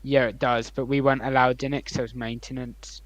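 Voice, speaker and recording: A young man co-hosting a podcast, rambling through anecdotes with many ums and likes and swinging between loud and quiet. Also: medium pitch, level tone, fairly quick, a crowd in the background, low-quality recording. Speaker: podcast co-host. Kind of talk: casual storytelling chat.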